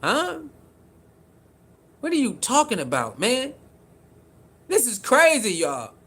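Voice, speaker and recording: A man with a high-pitched voice and streams casual sports commentary. He is animated and repeats himself for emphasis, calling out viewers by name as he reads their comments. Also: slow pace, slightly rough. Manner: animated, repetitive, talks straight to viewers.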